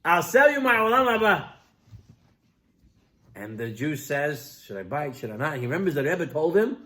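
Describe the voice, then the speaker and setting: A man's voice: on the high side, very animated, normal speed, long pauses, pushed and bright. A man, a rabbi, telling a Hasidic story in a weekly Torah talk, acting out the characters' voices as he goes.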